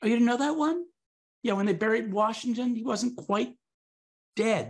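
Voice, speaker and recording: A man's voice: very high voice, moderate pace. A man performing comic magic patter for a live audience, swinging from very serious to absurd, with teasing asides.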